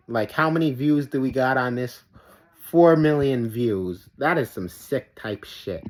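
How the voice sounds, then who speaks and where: A man's voice: fairly high pitch, rough recording. A man hosting a reaction video who rants in a rambling, profane, exasperated way, full of "like". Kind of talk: ranting reaction commentary. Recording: steady background noise.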